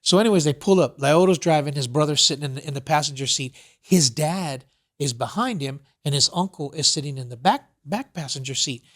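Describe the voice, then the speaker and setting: In relaxed, casual conversation, a male podcast host with a fairly high voice briskly rambles through a long story. He leans on "you know" and "whatever" and keeps circling back to his point.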